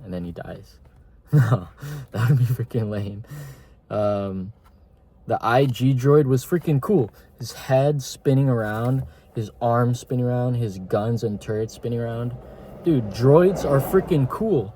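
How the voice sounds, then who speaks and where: A man's voice: medium pitch, a little slow, mellow, a little hiss or hum. A young man giving a casual, rambling spoken review of a TV season, slangy and full of filler words. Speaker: TV show reviewer.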